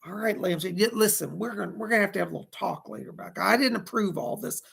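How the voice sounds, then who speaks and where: A man's voice: high voice, fast, vocal fry, fairly bright tone, slightly rough. A man hosting a casual psychic livestream, chatty and fussy, greeting viewers and scolding a pet companion.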